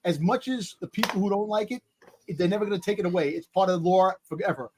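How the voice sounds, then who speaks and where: A man's voice: sits high, quick pace, a loud crowd, poor audio. A man hosting a podcast in casual chat, assertive and laughing often.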